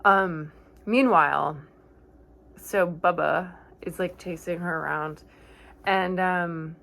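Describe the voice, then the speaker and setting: A woman's voice: lowish voice, fairly even intonation, slow, vocal fry, fairly bright tone. A woman casually recapping a horror movie from memory, rambling and correcting herself with chatty asides.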